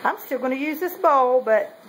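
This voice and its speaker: A woman with a somewhat high voice, chatting her way through a casual show-and-tell. She meanders and corrects herself often, with a faint noise in the background. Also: lively intonation, normal speed, poor audio. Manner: chatty, meandering, with many ums and self-corrections. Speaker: potter showing kiln results.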